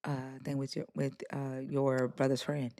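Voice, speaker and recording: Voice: mid-range voice, monotone, gravelly, darkish tone, no echo, studio quality. A live stream host responding in a casual, supportive way, with frequent fillers and restarts. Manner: supportive, halting, many fillers. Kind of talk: casual chat.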